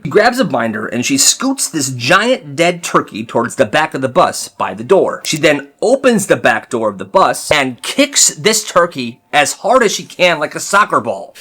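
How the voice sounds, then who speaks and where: A man narrating funny school stories in a casual, animated, punchy way. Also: mid-range voice, normal speed, few pauses. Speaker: storyteller.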